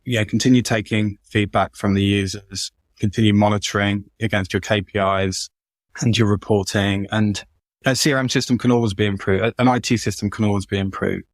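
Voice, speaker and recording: Guy, lowish voice, chatty podcast guest, keeps repeating himself, dry sound. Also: fairly even intonation, brisk, dry recording. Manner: chatty, repeats words and restarts a lot. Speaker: guest software consultant. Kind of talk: casual podcast conversation.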